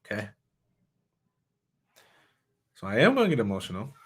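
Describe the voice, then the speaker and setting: A man who is a motivational speaker, talking candidly in a reflective, halting way, often restarting his sentences. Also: lowish voice, huge pitch swings, breathy edge. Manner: candid, halting, with many restarts and soft laughs. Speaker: motivational speaker and suicide survivor. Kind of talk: personal reflective talk.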